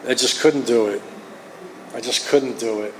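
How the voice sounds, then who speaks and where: A man's voice: medium pitch, moderate pace, a bit bright. Middle-aged New Jersey man, confessional speaker, recorded in an echoey hall with faint background hum. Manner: earnest, confessional storytelling. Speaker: recovery meeting speaker. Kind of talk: personal testimony. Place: meeting hall. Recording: roomy hall, faint ambience.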